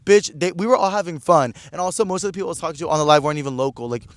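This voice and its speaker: A man's voice: on the high side, very fast, no echo. A young man in his twenties hosting a podcast, telling a story in casual, slangy chat full of "like.". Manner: chatty, slangy, peppered with "like". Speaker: podcast host.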